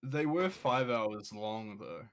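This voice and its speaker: A man's voice: on the low side, expressive, slow. Man, New Zealand accent, podcast co-host, loose rambling talk, cursing and laughing. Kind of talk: casual chat.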